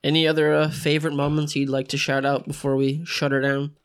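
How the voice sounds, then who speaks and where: A man's voice: a little high, flat delivery, fairly quick, clear, resonant tone. A man hosting a movie podcast in joking, casual chat with friends. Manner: laughing, joking banter. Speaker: podcast host.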